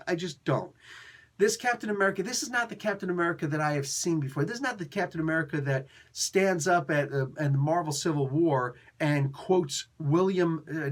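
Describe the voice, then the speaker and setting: A man giving a casual comic book review, ranting excitably with playful mock outrage, slang and frequent laughs. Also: a little high.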